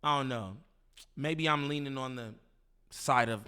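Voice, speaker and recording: A man's voice: mid-range voice, lively intonation, a little slow, pushed and bright, clean tone. A man hosting a casual reaction commentary, talking in slang, repeating himself and laughing in disbelief. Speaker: commentary host reacting to a clip.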